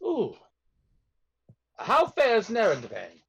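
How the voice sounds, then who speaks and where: A man doing a tall, courteous elf captive in a tabletop game, speaking with a British accent and old-fashioned politeness. The voice sits high and swoops through a wide, lively range. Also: very slow, creaky, breathy edge, heavily acted. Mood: genteel. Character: tall male elf captive, genteel and chatty.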